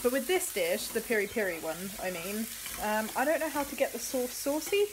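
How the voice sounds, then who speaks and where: A woman's voice: fairly high pitch, fairly quick, background noise. Chatty young woman vlogging. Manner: chatty, candid, animated. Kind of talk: casual chat. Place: home, office and kitchen indoors.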